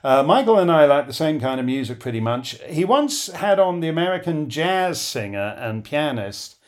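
A man's voice: on the high side, very animated, moderate pace. A man hosting a radio show, talking in a wry, conversational monologue with chuckles and asides. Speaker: radio host. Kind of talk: spoken commentary monologue.

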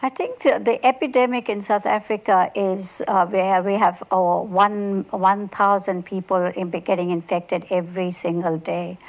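A woman health researcher answers interview questions with a halting delivery and frequent restarts. Her voice sits at a middle pitch. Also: flat delivery, muffled recording.

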